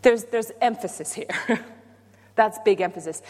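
A woman's voice: fairly high pitch, normal speed. Playful woman preaching in a hall. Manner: playful, self-deprecating, animated emphasis. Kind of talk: sermon. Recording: long hall reverb.

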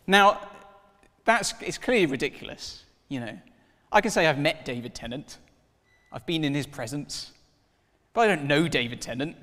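A man in his thirties preaching a sermon, telling stories with lively acted-out dialogue. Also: a little high, moderate pace, big-room sound. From Wales. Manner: animated storytelling, acts out dialogue in voices.

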